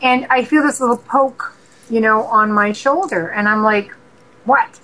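Canadian woman telling lively ghost stories. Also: on the high side, moderate pace, rough recording. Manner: animated, laughing storyteller acting out dialogue. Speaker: paranormal investigator guest. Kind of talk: casual storytelling interview.

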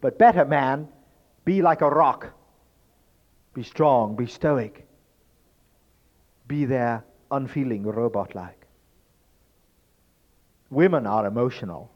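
A man's voice: medium pitch, slow pace, long pauses. Emphatic man lecturing, lo-fi sound. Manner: emphatic, rhetorical, swings from loud to hushed. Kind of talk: spoken lecture to an audience. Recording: dull lo-fi recording.

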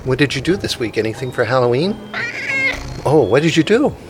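Excitable, animated man in his fifties. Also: mid-range voice, fairly quick, music in the background. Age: 50s. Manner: excitable, rambling, jokey. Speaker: podcast host. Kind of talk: rambling comedic podcast chat.

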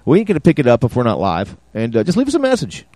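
A man's voice: mid-range voice, wildly swooping pitch, fast, dark tone, no echo. A man co-hosting a podcast in casual chat, rambling and swearing freely. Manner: rambling and profane, many fillers. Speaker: podcast co-host.

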